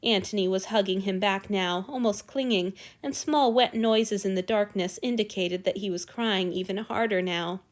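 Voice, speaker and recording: A woman narrating a fan fiction story aloud with a steady, expressive reading. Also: mid-range voice, normal speed, hardly any pauses. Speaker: story reader.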